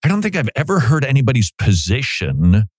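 A man's voice: medium pitch, big pitch swings, a little fast, dry recording. A middle-aged man hosting a Christian talk show, speaking conversationally and animatedly, sometimes mimicking other voices for emphasis. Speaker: Christian radio host. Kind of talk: opinion talk monologue.

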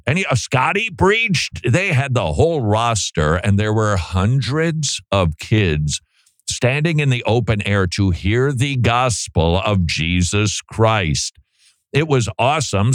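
A man's voice: medium pitch, dry recording. A man hosting a radio talk show, chatting casually and asking rhetorical questions into a studio mic.

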